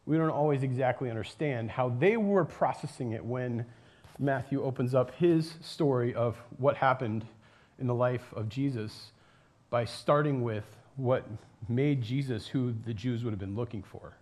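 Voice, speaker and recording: A man preaching a sermon in a casual, animated storytelling way, with lots of fillers and asides. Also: medium pitch, normal speed. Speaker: pastor. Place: church.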